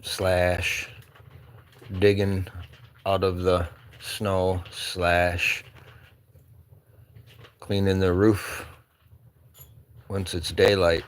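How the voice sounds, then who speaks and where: A man's voice: sits low, steady tone, extremely slow, long pauses, smooth. A man vlogging casually from his cabin with a rambling, wry manner and an Upper Midwest American accent. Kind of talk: casual chat. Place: remote cabin.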